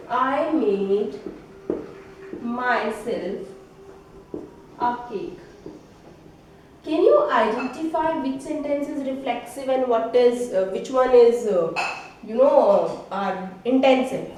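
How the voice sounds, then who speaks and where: A woman teacher with an Indian English accent and a high voice talks slowly through a grammar lesson. She keeps checking in with a questioning "right?" at the end of her points. She is heard from a distance in a very echoey room, with a faint hiss underneath. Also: dark tone. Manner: slow, explanatory, ends phrases with a questioning "right?".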